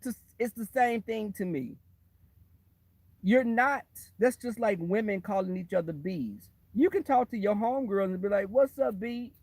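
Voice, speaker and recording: Man, texas accent, high voice, animated and indignant, dry close sound in a car. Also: no room sound. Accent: Southern US (Texas). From Houston, Texas. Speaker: vlogger talking while in a car. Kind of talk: casual ranting monologue. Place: parked car.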